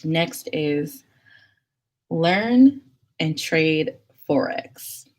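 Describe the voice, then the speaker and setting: A woman's voice: low-pitched, extremely slow. Chatty young woman on a livestream. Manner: chatty, animated, laughs and whispers asides. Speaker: livestream host. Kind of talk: casual live chat reading comments.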